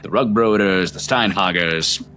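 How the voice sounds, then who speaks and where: A man's voice: low voice, unhurried, sharp tone, a little hiss or hum. A man voicing an older male town hall clerk, polite and deferential, flustered at times, in a tabletop game. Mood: officious.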